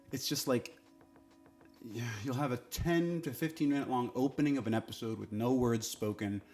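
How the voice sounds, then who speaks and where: A man's voice: medium pitch, a little mellow. Sarcastic man reviewing a TV show. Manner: sarcastic, exasperated, swears casually. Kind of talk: casual opinionated review.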